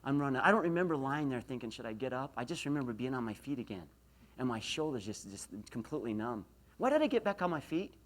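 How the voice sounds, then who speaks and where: A man in his forties giving a university lecture, telling a story with animated delivery and loud emphatic peaks. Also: medium pitch, quick pace. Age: 40s. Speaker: motivational speaker. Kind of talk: lecture to an audience.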